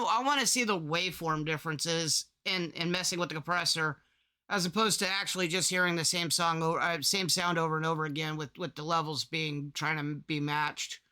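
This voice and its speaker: A man's voice: a little high, moderate pace, clean tone. A man casually walking through his audio recording setup in a rambling screen-recorded tutorial, restarting sentences as he goes. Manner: rambling, restarts often, demonstrates his loudness levels. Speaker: content creator explaining audio setup.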